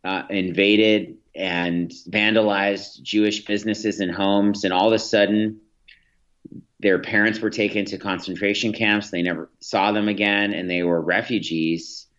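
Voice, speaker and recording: A man's voice: on the low side, highs cut off. A man, a podcast guest, telling reflective stories in an interview, with many restarts and fillers. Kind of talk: storytelling in an interview.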